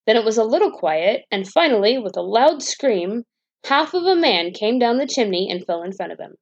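A woman reading a fairy tale aloud as a bedtime story, in a calm, even storytelling manner. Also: a little high, normal speed, husky, dull audio.

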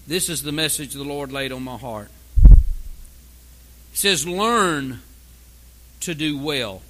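A man's voice: a little high, bright, forceful tone, poor audio. A man preaching a sermon in a folksy, emphatic way, reading scripture aloud. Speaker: pastor.

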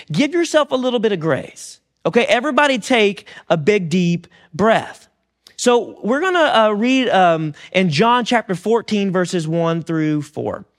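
High-voiced casual male pastor. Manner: conversational, relaxed with frequent fillers and restarts. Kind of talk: sermon.

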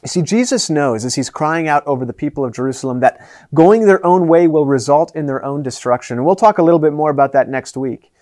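A man preaching a sermon as pastor, earnest, moving between raised and hushed delivery. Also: on the high side, quick pace.

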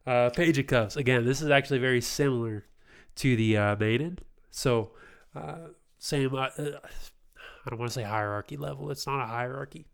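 Man in his twenties, podcast host, reflective, affirming, casual tarot talk, mid-pitched voice. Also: moderate pace, creaky. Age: 20s.

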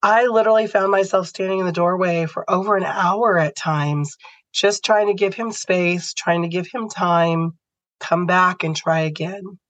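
A woman's voice: lowish voice, fairly even intonation, normal speed, no room sound, low-quality recording. A woman podcast host telling a personal story in an earnest, heartfelt way.

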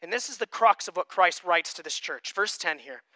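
Emphatic high-voiced male preacher. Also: animated, moderate pace, few pauses, no echo. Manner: emphatic, swings from loud to quiet. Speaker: pastor. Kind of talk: sermon.

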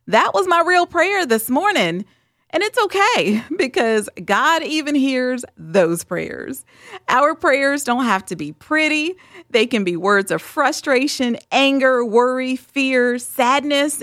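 A woman's voice: on the high side, fairly bright tone, dry recording, clean studio sound. A woman hosting a spoken devotional, talking in an earnest, candid, conversational way. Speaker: devotional host.

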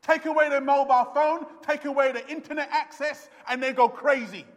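A man preaches with a strikingly high voice, pressing his points hard and swinging between quiet and loud. His words ring through the long echo of a church hall. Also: steady tone, fairly quick. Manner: emphatic preaching, swinging from hushed to shouting. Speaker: pastor. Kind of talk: sermon. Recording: long echoey reverb of a hall.

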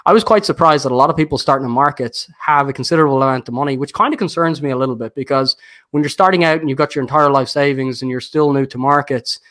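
A man's voice: mid-range voice, quick pace. Rambling man with a noticeable accent. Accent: non-standard accent, noticed by viewers. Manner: relaxed, rambling, many fillers and restarts. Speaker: guest investor and YouTuber. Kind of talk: casual podcast conversation.

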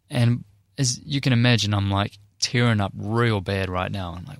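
A man's voice: medium pitch, a little fast, creaky, no room sound, studio quality. A young man earnestly telling a personal testimony in a conversational way. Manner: earnest, conversational, emotional retelling. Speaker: Christian speaker and performer.

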